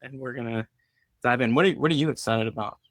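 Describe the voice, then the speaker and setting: A man's voice: medium pitch, fast, a bit bright. A man hosting an unscripted live chat in an easygoing, rambling way, cracking small jokes as he goes. His voice sits mid-range, and the sound is dry and close with no room echo. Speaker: podcast co-host. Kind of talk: casual live-stream chat.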